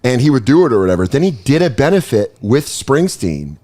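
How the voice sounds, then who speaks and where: A man in his thirties hosting a podcast, chatting casually and telling stories full of swearing and quick impressions. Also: mid-range voice, big pitch swings, mellow. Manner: swearing storyteller, bursts into impressions. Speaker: podcast host. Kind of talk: casual chat.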